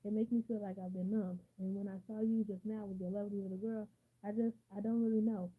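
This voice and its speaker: A woman's voice: medium pitch, flat delivery, fast, breathy edge, phone-quality sound, lightly acted. A woman reading the part of an anxious middle-aged woman who hesitates and trails off. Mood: shaken. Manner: hesitant, trailing off mid-sentence.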